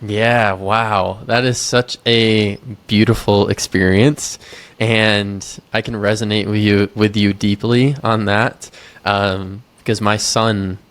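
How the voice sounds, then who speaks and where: A man hosting a podcast, asking questions and responding in a calm, measured, affirming way. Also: fairly low pitch, clean tone. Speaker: podcast host. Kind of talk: interview conversation.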